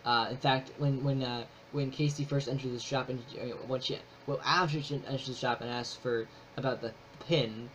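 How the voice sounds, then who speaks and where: A man's voice: medium pitch, steady tone, moderate pace, few pauses, a bit bright. A man casually reviewing a movie, rambling with many fillers and restarts, enthusiastic. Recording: slightly dull with faint noise.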